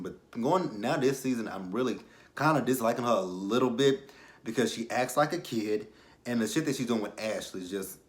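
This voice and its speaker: A young man with a mid-range voice recaps a reality show in casual chat. He is candid and rambling, often trailing off into quiet asides.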